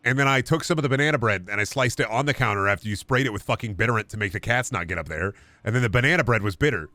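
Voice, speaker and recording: A man's voice: medium pitch, rapid-fire, pushed and bright, dry recording. A man streaming a game, chatting casually and riffing through absurd comedy bits in a rambling way.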